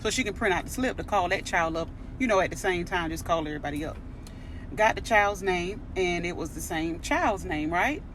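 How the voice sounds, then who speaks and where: A woman telling a storytime about her school front-office job in a chatty, lively way, acting out everyone's quoted lines. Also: fairly low pitch, fairly quick, a little hiss or hum. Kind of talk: casual storytime vlog.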